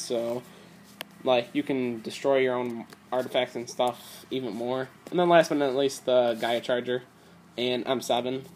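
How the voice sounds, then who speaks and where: A man's voice: medium pitch, darkish tone, slight background noise. Rambling young man with a tablet mic. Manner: rambling, many fillers and "like". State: strained voice from talking a lot. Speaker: card game deck reviewer. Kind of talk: casual deck profile talk. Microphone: tablet recording.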